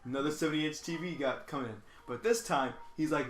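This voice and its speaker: A man's voice: fairly high pitch, quick pace, a little hiss or hum. Stammering man telling a work story. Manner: profane, stammering restarts. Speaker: podcast host. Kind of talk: casual late-night storytelling. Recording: echoey room.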